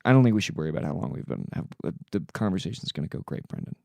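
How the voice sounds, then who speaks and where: A young adult man co-hosting a podcast in casual chat, teasing his friend and quick to laugh. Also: low-pitched, lively intonation, gravelly, darkish tone, no echo. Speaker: podcast co-host.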